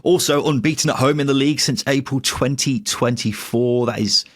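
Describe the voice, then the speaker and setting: A man co-hosting a casual football podcast, wry and quick to laugh. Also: medium pitch. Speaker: podcast co-host.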